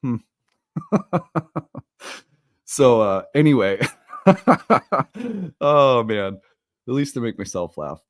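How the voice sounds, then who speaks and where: A man hosting an astrology video in a casual talk, animated and self-deprecating, laughing at his own jokes, recorded at home. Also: medium pitch, slow pace, pauses often, dry recording, studio quality. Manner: self-deprecating, playful asides. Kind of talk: casual solo talk to camera. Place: home room with open windows.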